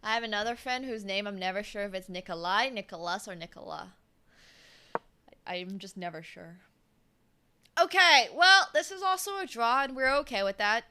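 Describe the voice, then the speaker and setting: A woman's voice: on the high side, animated, brisk, pushed and bright, smooth. A woman in her twenties commentating chess on a live stream in a casual, chatty way, humming and laughing between remarks. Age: 20s.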